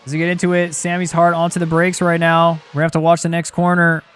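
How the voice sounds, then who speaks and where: Excitable high-voiced young male race caster. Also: quick pace, smooth. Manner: excitable, rising to shouts at battles. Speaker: sim racing commentator. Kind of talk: live race commentary.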